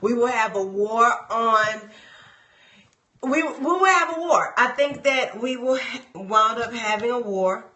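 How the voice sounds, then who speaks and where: A woman's voice: on the high side, measured pace, echoey room. A woman talking casually on a live stream, rambling and addressing her viewers. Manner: dramatic mock wailing, shouting and fake crying; loose, rambling, talks to viewers.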